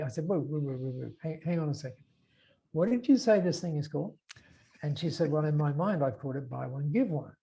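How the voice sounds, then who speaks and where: A man's voice: a little high, vocal fry, mellow, slightly rough. A man with an Australian accent, a podcast guest recounting an anecdote, with many fillers and acted-out dialogue. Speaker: interview guest. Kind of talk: storytelling in a podcast interview.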